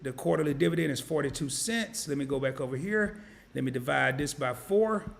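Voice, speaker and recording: Guy, slightly high and raspy, loose live-stream teacher talking through his screen. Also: fairly quick. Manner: casual and folksy, talks to viewers as y'all; thinks aloud while clicking, self-correcting. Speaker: investing channel host.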